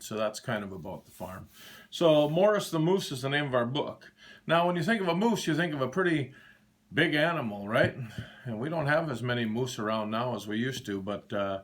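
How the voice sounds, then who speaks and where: A man's voice: medium pitch, a bit bright. An older man from Minnesota hosting a children's show, chatting folksily with many fillers. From Minnesota, United States. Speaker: host reading a children's book. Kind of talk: storybook read-aloud to children.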